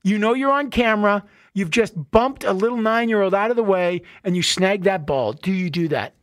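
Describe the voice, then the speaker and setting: A man's voice: high voice, normal speed, no room sound, clean studio sound. A man hosting a call-in talk radio show, bantering playfully with callers and laughing often.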